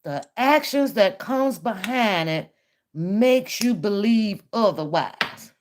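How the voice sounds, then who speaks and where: Blunt, animated woman reacting to a clip. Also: medium pitch, slow, a little hiss or hum. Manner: animated, blunt, profane, laughs often. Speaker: reaction channel host. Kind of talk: casual reaction commentary.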